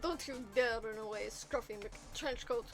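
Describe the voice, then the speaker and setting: A woman's voice: fairly high pitch, unhurried, music in the background. A woman voicing a haughty young female prosecutor with a put-on German accent, cold and scornful, while reading a video game script aloud.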